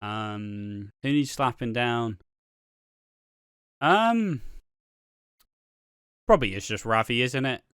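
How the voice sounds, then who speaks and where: A man co-hosting a casual TV review podcast, animated and sweary. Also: mid-range voice, slow pace, long pauses, smooth, dry recording, clean studio sound. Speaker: podcast co-host. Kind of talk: casual chat.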